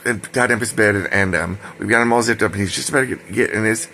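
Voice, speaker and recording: A man's voice: lowish voice, fast, sharp tone, slight background noise. A man telling a personal story in a casual, rambling way, full of fillers and side remarks. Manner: rambling, digressive, many fillers and asides.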